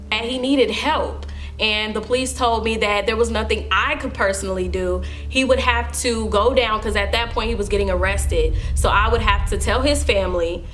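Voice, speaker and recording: A woman's voice: fairly high pitch, a bit bright. A young woman telling a personal story to her viewers in a casual, emphatic storytime vlog. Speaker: vlogger.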